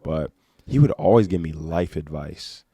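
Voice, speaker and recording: Very deep, dark-voiced man, podcast co-host, easygoing chat, close dry mic. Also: measured pace, vocal fry, slightly rough, dry recording. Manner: relaxed, affirming, conversational. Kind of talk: casual chat.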